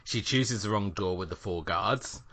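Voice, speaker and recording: Bright-voiced man, low and lively. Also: normal speed. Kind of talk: casual chat.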